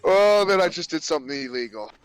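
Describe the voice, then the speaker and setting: A man's voice: fairly high pitch, animated, fast talker, soft background music. A man chatting during a game with friends, easygoing and rambling, often repeating himself mid-sentence. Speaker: friend playing along on stream. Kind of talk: casual gaming banter.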